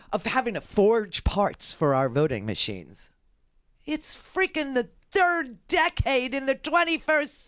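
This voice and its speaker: A woman's voice: sits high, fairly bright tone, dry recording, studio quality. A woman radio talk show host ranting through a political monologue, exasperated and pleading by turns. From United States. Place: radio studio.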